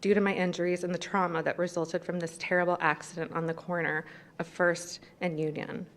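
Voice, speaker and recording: A woman in her thirties reads a prepared statement to a city council, audibly emotional and close to tears. Her somewhat low voice is shaky and halting. She speaks into a podium microphone in a council chamber. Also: little pitch movement. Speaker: resident speaking at public comment.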